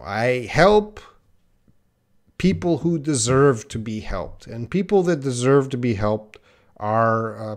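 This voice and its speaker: Slow, blunt live-stream English teacher. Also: male voice, medium pitch. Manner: reads viewer questions aloud and corrects them, blunt and direct.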